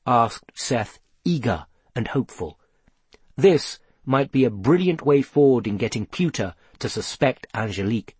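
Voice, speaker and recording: A man reading a children's fantasy story aloud in a measured storytelling delivery. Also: medium pitch, animated, a little mellow, slightly rough, no echo. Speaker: audiobook narrator. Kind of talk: scripted narration.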